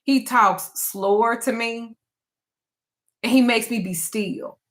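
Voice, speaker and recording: Bright, profane woman talk-show host. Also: a little high, slow pace. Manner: blunt, profane and animated. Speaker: host of a live call-in show. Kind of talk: casual storytelling chat.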